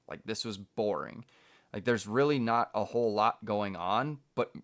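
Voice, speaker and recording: A man's voice: fairly low pitch, a bit bright, smooth. A man co-hosting a casual review show, rambling and restarting as he thinks aloud about video edits. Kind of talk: casual podcast chat.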